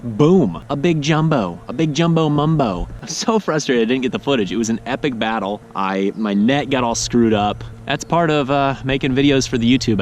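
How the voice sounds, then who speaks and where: A man vlogging while fishing from a kayak, chatting casually and swinging between frustration and cheer. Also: mid-range voice. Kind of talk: casual outdoor vlog narration. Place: kayak on a lake outdoors. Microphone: action camera. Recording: noisy outdoor action-camera audio.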